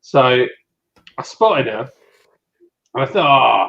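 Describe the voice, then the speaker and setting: A man chatting on a podcast in a fairly high voice, bursting into livelier tones when he quotes people. The sound is dull and lo-fi. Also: a little slow. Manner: animated, acts out quotes in a higher voice. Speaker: podcast host. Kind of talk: casual chat, storytelling. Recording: dull lo-fi audio.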